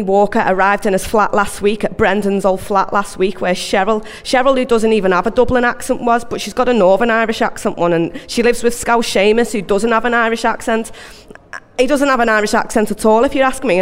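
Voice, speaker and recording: A woman's voice: fairly high pitch, clean tone. A woman performing spoken word live, a rambling, anxious, repetitive monologue. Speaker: poet. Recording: long hall reverb.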